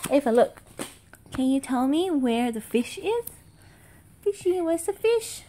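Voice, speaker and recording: A mother quizzing her toddler with flash cards, asking questions slowly in a sing-song voice, praising her and making animal noises. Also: sits high, lively intonation, warm tone, a little hiss or hum.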